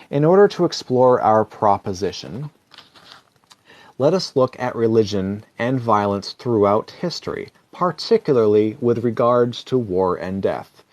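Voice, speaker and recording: A man reads aloud in a relaxed, comic way and keeps drifting into wry side remarks. He often chuckles at his own jokes, and his voice sits at an everyday middle pitch. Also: dry recording. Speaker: social video reader. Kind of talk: casual comic reading with asides.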